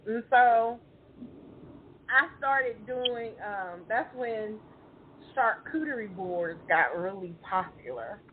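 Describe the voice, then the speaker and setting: Slow-talking woman host, tinny line. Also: mid-range voice, animated, slight background noise. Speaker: podcast host. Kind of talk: casual chat.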